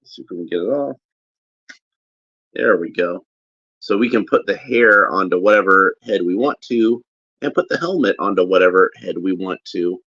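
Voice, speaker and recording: A man giving casual, halting unboxing commentary as a toy reviewer, often restarting as he handles a figure. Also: low voice, expressive, a bit bright, breathy edge, no echo. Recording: dull lo-fi recording.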